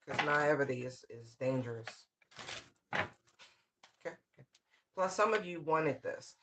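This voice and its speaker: A man's voice: on the high side, animated, unhurried, very noisy. A man giving a casual, channeled tarot reading in loose, slangy, rambling talk full of fillers. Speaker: tarot reader.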